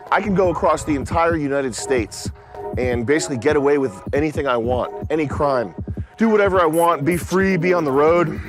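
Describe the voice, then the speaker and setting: A man giving a deadpan, boastful monologue about himself and his vehicle. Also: fairly high pitch.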